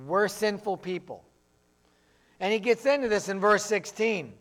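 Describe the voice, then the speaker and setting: A man's voice: high-pitched, measured pace, pauses often, a bit bright. A man preaching a sermon as pastor, in a plainspoken, conversational way, acting out voices of the people he quotes.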